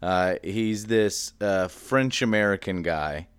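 A young man co-hosting a casual podcast, explaining things at length in a chatty, animated way. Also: sits low, takes it slowly, clean tone, dry recording. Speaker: podcast co-host. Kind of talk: casual chat.

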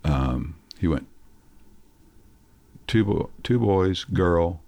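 A man's voice: deep voice, lively intonation, very slow, warm tone, no echo. A man in his sixties, a guest in an interview, telling reflective personal stories in a casual, anecdotal way.

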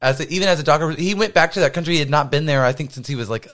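A man's voice: a little high, racing, a bit bright. A man co-hosting a podcast from his home, chatting casually and rambling with many fillers and restarts. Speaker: podcast co-host. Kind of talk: casual chat.

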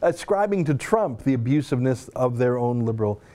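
A man delivers a scornful political monologue, his voice mellow and dark-toned. His pitch leaps and dips animatedly as he mocks what he reads. He scoffs and laughs his way through the quotes he reads out. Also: animated, fairly quick. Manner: sarcastic, mocking, scoffs and laughs while reading. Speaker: political commentator. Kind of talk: opinion monologue reading tweets aloud.

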